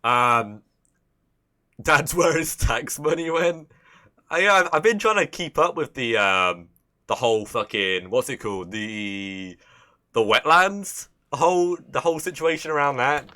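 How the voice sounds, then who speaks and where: Bright-voiced English Midlands man, rambling chat. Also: mid-range voice, animated, moderate pace. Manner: rambling, swears often, restarts and stammers. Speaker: livestream host. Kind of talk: casual livestream chat.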